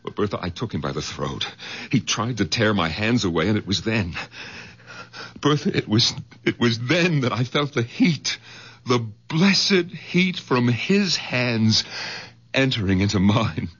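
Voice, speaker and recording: An actor playing a middle-aged doctor who stammers and swings into ecstatic outbursts, in a 1970s radio drama. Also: male voice, medium pitch, expressive, measured pace, fairly bright tone, husky. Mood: excited, pleading. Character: middle-aged male doctor, excitable and volatile. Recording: dull lo-fi 1970s radio recording.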